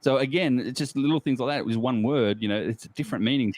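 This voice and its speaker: A man's voice: mid-range voice, fast, a little mellow, no room sound. A man from Australia with an Australian accent, chatting as a guest in a casual online group chat, rambling and jokey with frequent laughs. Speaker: guest geocacher.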